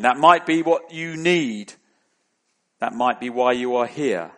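A man preaching a sermon in a measured, deliberate way, rising into emphatic questions. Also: mid-range voice, a bit bright.

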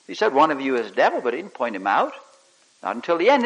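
A man preaching a sermon, swinging between loud emphatic lines and soft hushed ones, with some halting restarts as he tells a story. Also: a little high, very animated, creaky, breathy edge, rough recording.

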